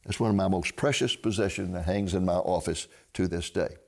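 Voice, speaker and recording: A man's voice: deep voice, brisk, gravelly, a little mellow. An older man, telling a personal faith testimony as a ministry host and acting out the dialogue he quotes. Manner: earnest storyteller, acts out quoted dialogue.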